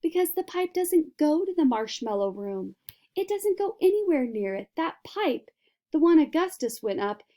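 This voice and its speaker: A woman's voice: a little high, warm tone, natural voice. A woman reading a storybook aloud and voicing an eccentric, cheerful man who makes sweets, speaking in an airy, theatrical way. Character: eccentric cheerful male candy maker, giggly.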